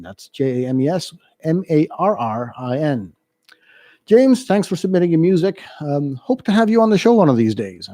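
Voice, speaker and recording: Guy hosting community radio, dark mellow voice, dry close studio mic, lots of ums. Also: on the high side, dry recording. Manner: relaxed, reads listener emails aloud with frequent ums. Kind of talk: casual radio announcing. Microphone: studio microphone.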